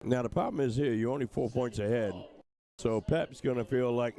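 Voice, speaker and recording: A man's voice: mid-range voice, moderate pace, mellow. An older man from England commentating live on darts, in a chatty, joking way. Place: streaming booth at a dart tournament.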